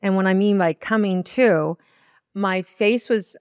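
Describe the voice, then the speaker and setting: A spiritual teacher from Iowa earnestly tells a personal story in a podcast interview, animatedly acting out her past words and inner dialogue. Her mid-range voice is smooth and measured, recorded dry with studio quality.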